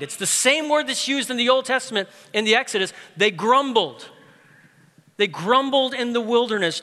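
A male pastor giving a lively, conversational sermon with casual asides and humor, recorded in a large reverberant room. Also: sits high. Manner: lively, conversational, uses humor and pop-culture stories.

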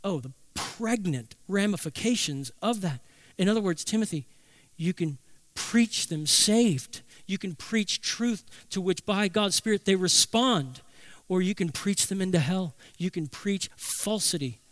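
Man, pastor's sermon, emphatic, high voice, dry close sound. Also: expressive, fairly bright tone, no room sound. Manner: emphatic preaching, slows down for key phrases.

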